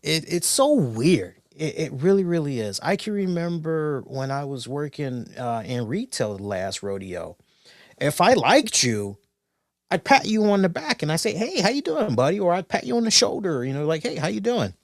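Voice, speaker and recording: A man's voice: on the high side, lively intonation, normal speed, no echo. Rambling male podcast co-host, dry sound. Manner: rambling, anecdotal, many restarts and "you know"s. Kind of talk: casual podcast chat.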